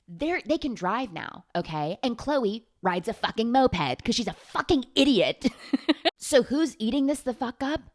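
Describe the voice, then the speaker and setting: A young woman chatting to camera and retelling a film plot with sarcastic asides and plenty of swearing. Her voice sits low for a woman, and she comes across as gossipy and amused. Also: a little mellow. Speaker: vlogger. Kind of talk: casual movie recap.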